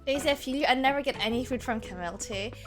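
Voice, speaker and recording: Faint game music sits behind this young woman's casual stream chat, where she giggles and occasionally switches between English and German. Her voice sits high with a fairly bright tone, and she talks fast.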